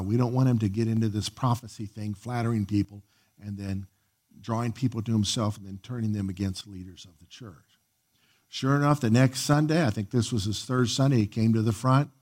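An earnest male pastor preaching, his voice of ordinary pitch. He tells a church story and warns his listeners, leaping up in pitch for emphasis. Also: a little mellow. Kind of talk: sermon with personal story.

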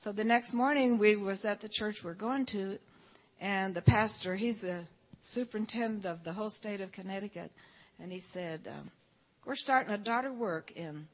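An older woman from Georgia, telling a fervent story-filled testimony at church. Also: mid-range voice. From Georgia, USA. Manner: storytelling, fervent, quotes people in dialogue. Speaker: church speaker giving testimony. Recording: dull lo-fi recording.

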